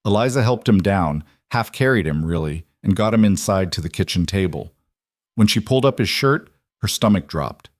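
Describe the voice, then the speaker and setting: Low-voiced man narrating a western story. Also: animated, normal speed, no room sound, studio quality.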